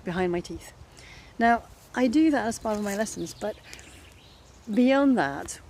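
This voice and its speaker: A middle-aged woman with a French accent talks through her advice slowly, pausing often to find her words. Her voice is warm and mellow. Faint nature sounds drift in from the countryside around her. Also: medium pitch, slight background noise. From France. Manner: thoughtful, searching for words with frequent pauses. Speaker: French teacher. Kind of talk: reflective advice vlog.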